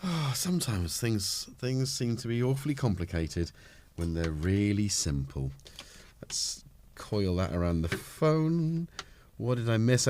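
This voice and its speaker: His medium-pitched voice comes across a little mellow, with slight noise in the background. Still fighting a cold, the middle-aged host keeps up a loose, rambling live-stream chat, teasing himself as he adjusts his setup.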